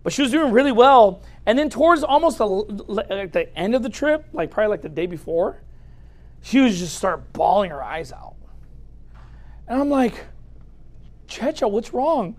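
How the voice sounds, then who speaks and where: A man preaching a humorous sermon as a pastor in a church, speaking straight to the audience in a lively, joking way. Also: sits high, moderate pace.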